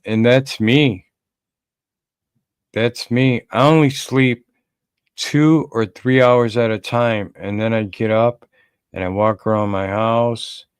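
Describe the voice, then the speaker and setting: A man's voice: mid-range voice, clear, resonant tone, no echo, clean studio sound. A man co-hosting a podcast livestream, rambling casually and greeting chat viewers by name. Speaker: podcast co-host.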